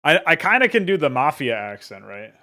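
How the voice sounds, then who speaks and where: A man's voice: a little high, big pitch swings, fairly quick, sharp tone. A man casually chatting with his viewers while modding a game, laid-back, laughing often and swearing offhandedly. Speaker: game modder streaming. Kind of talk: casual livestream chat.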